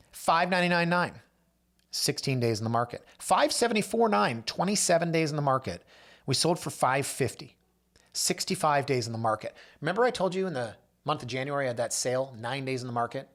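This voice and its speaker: A man hosting a real estate show, telling client stories in a casual monologue and acting out the people he quotes. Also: a bit bright. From Canada. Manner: storytelling, acts out quoted voices with big pitch jumps. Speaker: realtor and show host.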